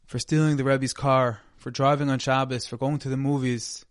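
Man, mid-pitched, earnest sermon storyteller, dry close mic. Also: little pitch movement, moderate pace, no room sound. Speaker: speaker giving a Torah talk.

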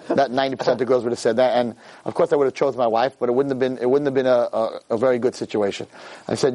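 A man giving a Torah lecture as an animated personal story, acting out the dialogue. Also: quick pace. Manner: animated, acts out dialogue with big swings in pitch.

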